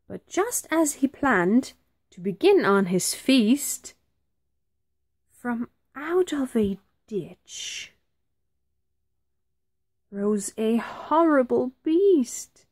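Teacher lady reading a picture book aloud, super slow, voice swoops all over, dry sound. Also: fairly high pitch, no room sound. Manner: slow, dramatic, very expressive. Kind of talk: expressive storybook reading.

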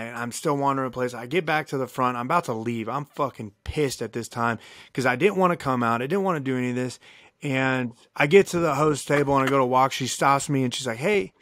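A man co-hosting a podcast, telling a long story in a casual, animated way, cursing freely and acting out what people said. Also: mid-range voice, quick pace, no room sound, studio quality. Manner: animated, profane, acts out quoted dialogue. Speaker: podcast co-host.

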